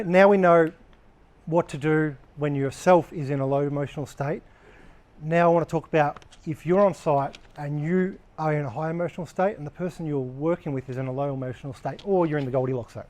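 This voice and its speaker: Speaking at normal speed in a fairly high, slightly mellow voice, a man runs a casual training session for a live group of workers. He's blunt and conversational, cursing freely throughout his explanations.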